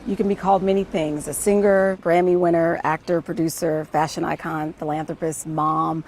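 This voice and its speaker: A woman from the US Midwest interviewing a guest, chatty and enthusiastic, quick to react. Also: low voice, flat delivery, darkish tone, slight background noise. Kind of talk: friendly interview chat.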